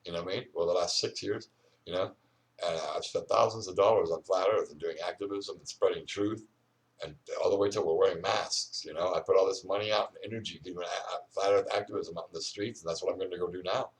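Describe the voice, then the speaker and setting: A man's voice: low voice, fairly even intonation, quick pace, distant mic. An older man rambling and ranting outdoors, full of "you know" fillers. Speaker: vlogger.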